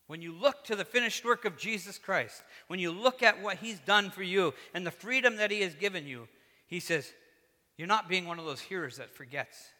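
Bright-voiced preacher in an echoey hall. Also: male voice, a little fast. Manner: earnest, rising to fervent emphasis then dropping low. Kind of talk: sermon.

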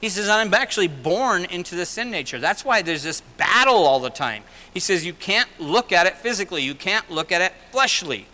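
A middle-aged man preaching a sermon, paraphrasing scripture in a conversational way and swinging between loud emphasis and quiet asides. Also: high voice, lively intonation, normal speed, few pauses, rough recording. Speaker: pastor.

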